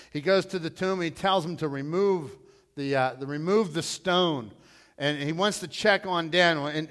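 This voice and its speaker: A middle-aged male pastor preaching a storytelling sermon, repeating himself and swelling loud when he quotes scripture. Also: fairly high pitch.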